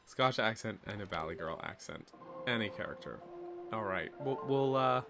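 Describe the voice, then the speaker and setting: A man's voice: lowish voice, animated, moderate pace, creaky, music in the background. A man streaming a video game, chatting casually with viewers and joking along.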